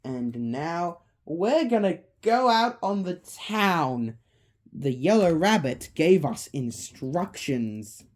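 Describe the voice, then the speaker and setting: A woman's voice: on the low side, sing-song, takes it slowly, a little mellow. A woman voicing a smug female toy animatronic chicken who speaks in a sweetly taunting way.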